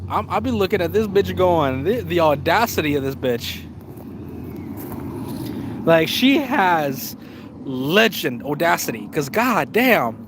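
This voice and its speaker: Brief: young male streamer, higher-pitched voice, cussing, animated, slangy, stumbling restarts. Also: noisy background. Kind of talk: casual live-stream storytelling.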